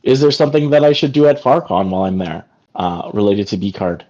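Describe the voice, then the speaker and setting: A man with a fairly low, warm voice leads a casual video-call meeting, sounding animated and speaking fairly quickly. He meanders as he talks, filling gaps with "like" again and again. Audio is dull, lo-fi call quality.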